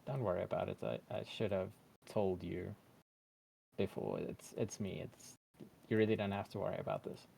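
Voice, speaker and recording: A man voicing a sad young kitsune woman in a tabletop role-play game, speaking quietly and haltingly. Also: sits low, fairly even intonation, vocal fry, breathy edge, exaggerated voice. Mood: sorrowful.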